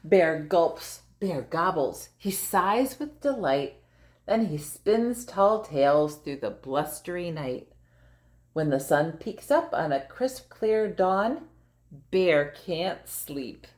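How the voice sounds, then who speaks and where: An older woman reading a picture book aloud to her grandchild, gentle and playful, pausing to ask questions. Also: lowish voice, animated. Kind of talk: storybook read-aloud to a child.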